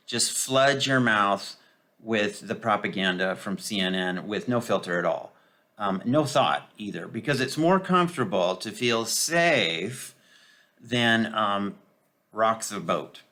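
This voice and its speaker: A man giving a casual, sarcastic political commentary, full of mocking asides and hesitant filler pauses. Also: on the low side, pushed and bright.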